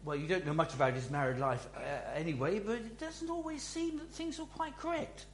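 A man teaches from the Bible in an unhurried, musing way, often restarting his sentences. His voice sits a little high. The room is echoey, with a faint hum behind him. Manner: slow, musing delivery with many restarts. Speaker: preacher.

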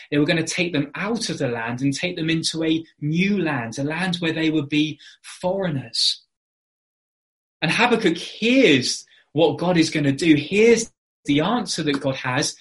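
Earnest man preaching, slightly high voice. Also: a bit bright. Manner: earnest, explanatory, with frequent fillers. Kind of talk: sermon.

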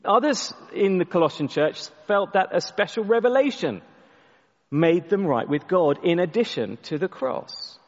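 A man preaching a sermon, telling a story and often restarting his words, sometimes dropping his voice very soft for emphasis. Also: sits high, expressive, measured pace, in a large hall, muffled recording. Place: church.

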